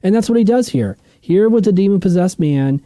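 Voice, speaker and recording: Guy teaching bible study, chatty and emphatic, keeps going "okay?", kinda high mellow voice. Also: animated, brisk, dry recording. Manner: emphatic, conversational, often checks in with "okay?". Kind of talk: casual teaching lecture.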